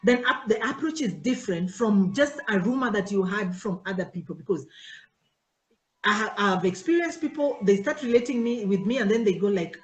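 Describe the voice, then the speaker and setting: A pastor's wife with a mid-range voice speaks at normal speed while informally teaching her worship team. She animatedly acts out exchanges, switching voices as she goes. The recording is reverberant and rough.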